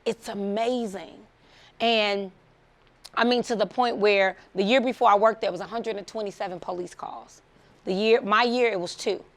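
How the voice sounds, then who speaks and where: Gravelly-voiced woman telling a lively story. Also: medium pitch, normal speed. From Chicago suburbs. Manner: animated, acts out quoted voices, laughs often. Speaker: motivational speaker. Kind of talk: storytelling talk.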